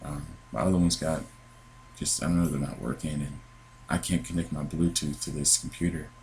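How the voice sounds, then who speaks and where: A man's voice: rumbling low, flat delivery, normal speed, a little mellow, a little hiss or hum, low-quality recording. A man telling his dreams in a casual, earnest testimony, meandering with many fillers and restarts. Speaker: Christian podcaster sharing dreams. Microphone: computer with headphones.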